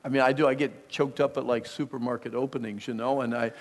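Gravelly-voiced preacher in a reverberant hall. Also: male voice, mid-range voice, steady tone, quick pace. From Pennsylvania. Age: middle-aged. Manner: emphatic, swings from hushed to loud. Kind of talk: sermon.

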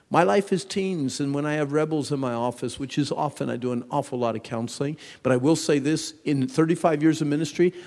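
Gravelly male pastor, 50s, dramatic sermon delivery in a long-echo hall. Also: a little high. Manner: dramatic preaching, swings from hushed to loud. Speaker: pastor and youth counselor.

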